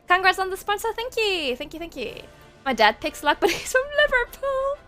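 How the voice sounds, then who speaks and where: High-voiced woman streamer, laughing and rambly. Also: very animated, moderate pace, bright, forceful tone. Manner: laughs often, swears casually, rambly. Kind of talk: casual livestream chat, reading chat aloud. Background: faint game-soundtrack music.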